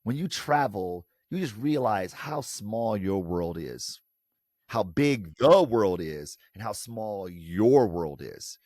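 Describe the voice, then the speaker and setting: A lower-pitched American man from Detroit speaks as a guest in an interview. He is animated and slips into quoted voices to make his point. The sound is dry and close. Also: slow pace, no room sound. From Detroit, United States. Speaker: guest, professor and author. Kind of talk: conversational interview.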